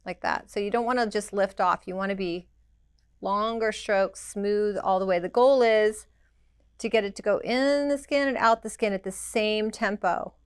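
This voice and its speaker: Female instructor, mid pitch, resonant and clean, practical demo delivery. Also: moderate pace, clear, resonant tone, dry recording, studio quality. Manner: practical, direct, makes sound effects to show rhythm. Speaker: permanent makeup trainer. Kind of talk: hands-on demonstration.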